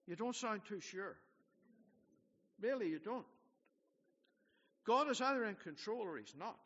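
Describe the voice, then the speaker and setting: An older man preaches to his congregation, pressing his points hard and then dropping to a near hush. His voice sits high for a man. The sound is dull and rings out with a long reverb through the church hall. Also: expressive, unhurried, long pauses. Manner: earnest, exhorting, swings from loud to hushed. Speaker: pastor. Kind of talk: sermon.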